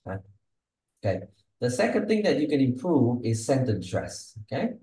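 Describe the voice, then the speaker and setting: A man's voice: mid-range voice, big pitch swings, normal speed, warm tone, echoey room, low-quality recording. A man teaching English and giving exam feedback, with a patient, explanatory manner and frequent check-ins. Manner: patient, explanatory, tags sentences with "okay?" and "huh?".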